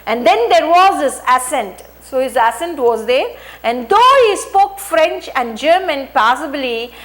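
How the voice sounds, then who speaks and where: Speaking in a high-pitched voice, a female English teacher works through a textbook story, reading each sentence and then restating it plainly. Her delivery is full of fillers and restarts.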